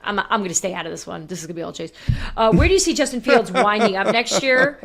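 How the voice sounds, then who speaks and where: A woman's voice: medium pitch, fast talker, gravelly. A woman co-hosting a casual sports podcast, reading listener questions aloud and chatting with asides.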